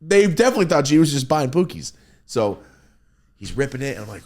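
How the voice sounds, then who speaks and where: Speaking fast in a fairly low voice, a man hosting a podcast shares loose, profane stories in casual chat. He brings them to life animatedly, performing the quotes of the people involved.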